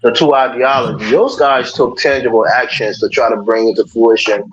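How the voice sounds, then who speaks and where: A man's voice: mid-range voice, fairly even intonation, moderate pace, crowd noise. Joking male panelist over dull, noisy audio. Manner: joking, teasing, laughs often. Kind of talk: casual debate.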